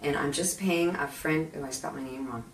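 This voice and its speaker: A woman hosting a live cooking demonstration in her home kitchen, chatty and animated, full of self-deprecating asides. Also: sits low, moderate pace, a little hiss or hum. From Canada. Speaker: cooking show host. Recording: echoey kitchen, mic at a distance.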